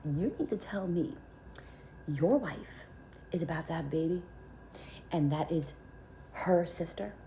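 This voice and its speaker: A woman's voice: fairly low pitch, measured pace, long pauses, warm tone, a little hiss or hum, low-quality recording. A woman voicing a blunt, disbelieving hospital nurse in a retold story. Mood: incredulous. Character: sassy, incredulous hospital nurse.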